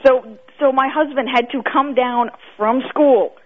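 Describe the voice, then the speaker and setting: A woman's voice: high voice, measured pace. Woman caller on a dull phone line. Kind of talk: telling a story on a call-in show.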